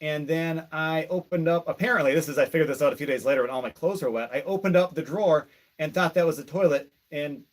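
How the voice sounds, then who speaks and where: A man hosting a podcast, telling embarrassing stories about himself in a measured, self-mocking way. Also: on the high side. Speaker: podcast host. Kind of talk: casual chat.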